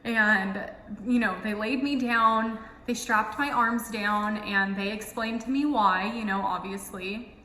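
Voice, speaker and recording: A woman's voice: medium pitch, steady tone, slow, pushed and bright, roomy sound, long reverb tail, rough recording. A young woman vlogger telling a personal story in a casual, emotional way, full of "like" fillers.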